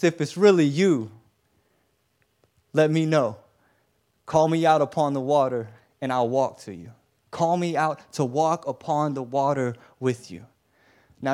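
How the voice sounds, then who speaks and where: A man's voice: mid-range voice, darkish tone. A man preaching a casual, conversational sermon, telling the story with slangy asides and stammered repeats.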